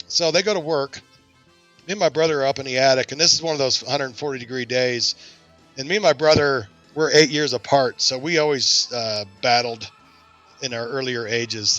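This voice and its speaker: Bright-voiced man telling a story. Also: mid-range voice, fairly quick, highs cut off, soft background music. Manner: lively anecdotal storyteller, self-deprecating. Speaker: podcast host. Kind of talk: casual storytelling chat.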